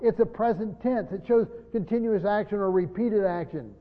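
A man's voice: high-pitched, moderate pace. Man teaching scripture in an echoing hall. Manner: emphatic, swinging between loud stresses and quiet asides. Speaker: pastor teaching a Bible study. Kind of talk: expository Bible teaching. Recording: dull lo-fi sound in a large echoing hall.

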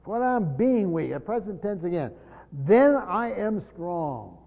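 A man teaching a Bible study to a group, stressing key words loudly and then dropping to quiet asides. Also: high voice, big pitch swings, measured pace, gravelly. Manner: emphatic, swinging between loud stresses and quiet asides. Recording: dull lo-fi sound in a large echoing hall.

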